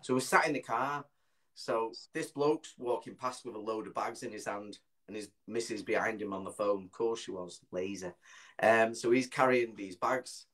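A middle-aged man, a comedian telling a funny story in a punchy, animated way. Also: lowish voice, moderate pace, poor audio. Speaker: comedian, guest. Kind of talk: comic storytelling.

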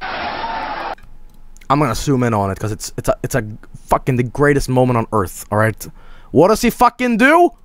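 A male streamer giving excitable live stream commentary, swearing freely and laughing often. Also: mid-range voice, normal speed, long pauses, slight background noise.

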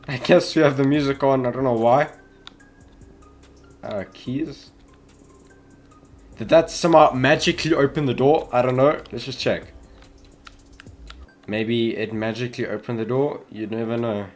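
A man's voice: mid-range voice, steady tone, measured pace, long pauses, soft background music. A young man commentating as he plays a horror game, chatty and easily startled, yelping at scares. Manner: jumpy, yelps and shouts at scares, says "yo" a lot. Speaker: gaming youtuber.

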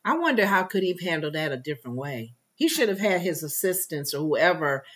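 Lively bright-voiced woman co-host. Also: lowish voice, a little fast. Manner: chatty, laughs often, informal slang. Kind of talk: casual talk show banter.

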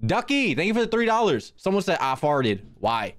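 A young man hosting a livestream, chatting casually with his chat in a loud, joking, profane way that swings into shouting. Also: high-pitched, sing-song, moderate pace. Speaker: streamer hosting an art contest.

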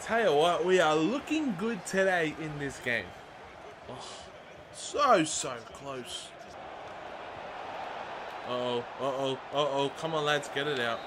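A young man giving excited, chatty commentary over his own football video game match, shouting at the big moments. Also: on the high side, slow, long pauses. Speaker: gaming YouTuber. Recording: audible background noise.

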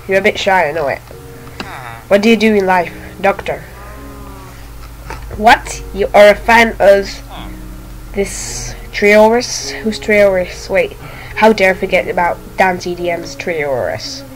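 A young woman gives casual, chatty gameplay commentary at a mid-range pitch, talking straight to a game villager. Now and then she drops into a soft whisper. Clear game music plays behind her. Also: a little slow, poor audio. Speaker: Minecraft channel host.

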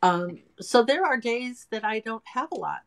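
A woman's voice: on the high side, animated, moderate pace, gravelly. A woman in her sixties, a guest chatting casually and self-deprecatingly about her work as a home nail technician. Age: 60s. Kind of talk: casual interview chat.

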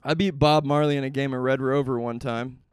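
A man's voice: medium pitch, fairly even intonation, a little fast, clear, resonant tone, no echo, clean studio sound. A man hosting a comedy podcast, cracking crude jokes and laughing often. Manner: crude, joking, laughs a lot. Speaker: podcast host. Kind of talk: casual comedy banter.

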